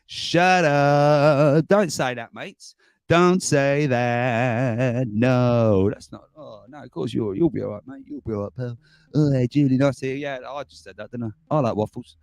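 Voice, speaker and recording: A man's voice: medium pitch, moderate pace, darkish tone, dry recording. A man hosting a casual livestream, rambling and chuckling as he reads out viewer comments. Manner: chuckling, rambling, self-mocking. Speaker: livestream host.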